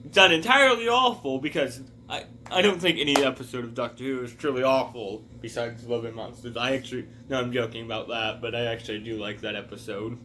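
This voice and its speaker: A man's voice: mid-range voice, fairly quick, hardly any pauses, bright, forceful tone, slight background noise. A man talking casually in a rambling review, wandering off on tangents. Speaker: video reviewer.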